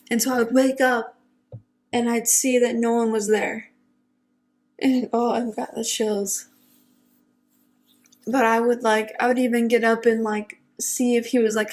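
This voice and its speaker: A young woman retelling a personal story in a casual, halting, hushed and unsettled way. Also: a little high.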